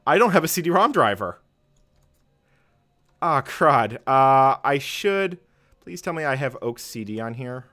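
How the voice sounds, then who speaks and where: A man talking his way through a live tech stream at a middling pitch. He rambles, fills gaps with "um" and "uh", and laughs at himself as he goes. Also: sing-song, a little slow, pauses often, fairly bright tone. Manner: rambling, self-deprecating, frequent fillers and chuckles.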